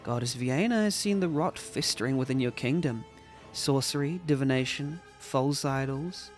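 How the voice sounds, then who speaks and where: A man playing a cold, zealous crusade leader in a game, pious and sneering. The delivery is slow and self-righteous. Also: medium pitch, soft background music, natural voice.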